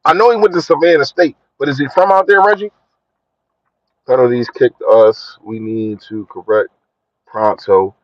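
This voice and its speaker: Philly guy streaming about football, slangy shoutouts, mid voice, dry muffled phone audio. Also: normal speed, no room sound. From Philadelphia. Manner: slangy, shouts out viewers, lively swings in pitch. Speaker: sports vlogger. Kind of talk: casual live-stream sports chat.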